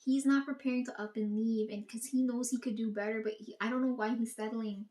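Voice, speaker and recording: A woman talks straight to the camera in a loose, profane rant, quoting herself and others as she goes. Her voice sits a little high, and the room around her rings with echo. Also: fairly even intonation, fairly quick, dark tone. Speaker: vlogger. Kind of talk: casual monologue. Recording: echoey room.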